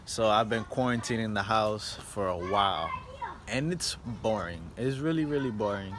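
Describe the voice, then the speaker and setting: A man's voice: on the low side, moderate pace, noisy background. Young man rambling casually outdoors. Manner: rambling, filler-heavy, keeps saying "and yeah". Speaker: car vlogger. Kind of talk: casual vlog talk. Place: outdoors at home, yard and car.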